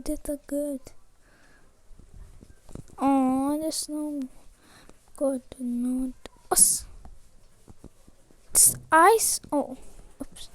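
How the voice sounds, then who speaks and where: Excitable high-voiced woman gaming. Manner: excitable exclamations, frequent gasps. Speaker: game player. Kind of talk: gaming commentary.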